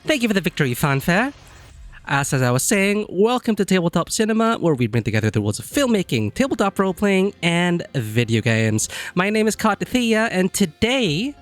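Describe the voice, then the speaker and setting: A man voicing a chirpy puppet host in a deliberately bad mock British accent, exaggerated and playful. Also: high voice, very animated, soft background music, voice pushed up.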